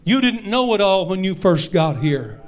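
High-voiced pastor preaching. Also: male voice, big pitch swings, normal speed. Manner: preaching, repeats lines and rises to shouts. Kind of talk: sermon.

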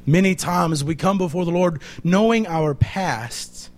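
A man's voice: high voice, unhurried, darkish tone. A man preaching a sermon, emphatic and full of repeated rhetorical questions.

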